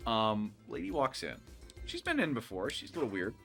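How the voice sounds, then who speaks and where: A man's voice: on the low side, fairly quick, vocal fry, soft background music. A man casually telling a work story while playing a game, acting out the people in it. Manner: animated, acts out the people in his story. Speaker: co-host. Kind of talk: casual storytelling over gameplay.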